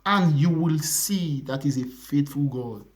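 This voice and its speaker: A young man with a Nigerian accent preaching a sermon, earnest and repetitive, sometimes dropping to a hushed whisper. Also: on the high side, unhurried. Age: young adult.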